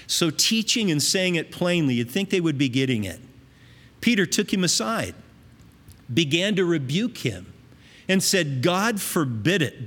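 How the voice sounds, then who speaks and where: A man's voice: fairly high pitch, a bit bright, long reverb tail. A man preaching a sermon, teaching in an earnest, conversational way with emphatic rises.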